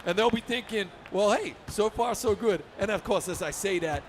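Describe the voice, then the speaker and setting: A man giving energetic, upbeat play-by-play for a basketball video game tournament, often shouting the big plays. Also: high-pitched, moderate pace, a little hiss or hum. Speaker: esports commentator.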